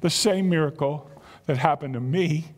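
A man with a South Jersey accent preaching a sermon, animated and exclamatory, full of rhetorical questions. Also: a little high, moderate pace, big-room sound. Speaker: pastor.

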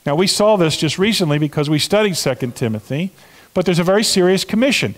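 A middle-aged man gives a sermon in a fairly high voice. He speaks earnestly, almost conversationally, and leans hard on key words as he turns to the congregation. His voice trails off in the long reverb of a large hall. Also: expressive, quick pace. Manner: earnest, conversational preaching with emphatic stresses and asides to the congregation. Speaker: pastor.

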